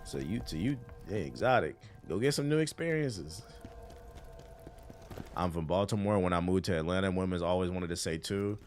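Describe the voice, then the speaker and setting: A man's voice: sits low, animated, moderate pace, darkish tone, faint music behind. A man with a Washington, D.C. accent casually chatting on a gaming stream, using loose, profane slang and answering chat while he plays. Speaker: livestreamer.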